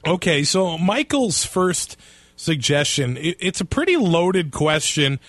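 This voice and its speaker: A man's voice: on the high side, takes it slowly, no echo. A man co-hosting a sports podcast, chatting casually and laughing often. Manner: laughs often, lively reactions. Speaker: podcast co-host.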